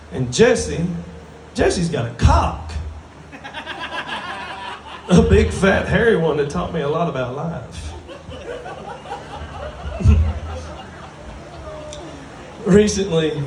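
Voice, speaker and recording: Drawling stand-up comic, roomy bar. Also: male voice, a little high, darkish tone, a little hiss or hum. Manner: drawling, crude, self-mocking. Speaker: stand-up comedian. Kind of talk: stand-up comedy set. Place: bar stage before a live audience. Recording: roomy bar sound from a distant mic.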